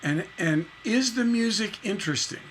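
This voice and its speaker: A man's voice: high-pitched, animated, normal speed, slight background noise, low-quality recording. A man giving a casual songwriting lesson on a livestream, rambling and chatty, often repeating words and singing syllables to show a rhythm. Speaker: songwriting teacher.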